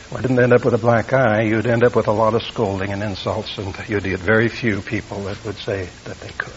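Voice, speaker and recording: A man preaching a verse-by-verse Bible teaching sermon, explaining grammar and swinging between loud emphasis and quiet asides. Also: little pitch movement, a little fast, hardly any pauses, muffled recording, slight background noise. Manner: explains the Greek grammar, rising loudly for emphasis then dropping low.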